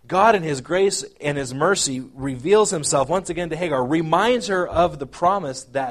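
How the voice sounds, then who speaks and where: A man preaching a sermon, earnest and halting, often repeating words as he explains scripture and reads old-style verses aloud. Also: a little high. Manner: reads scripture aloud in King James wording. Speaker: pastor.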